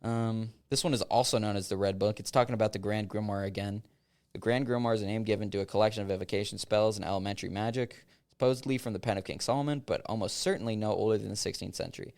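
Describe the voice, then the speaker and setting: A man's voice: on the low side, steady tone, creaky, a little mellow. A young man hosting a casual podcast, reading passages aloud and joking between them. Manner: reads passages aloud with quick asides and laughs. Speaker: podcast host.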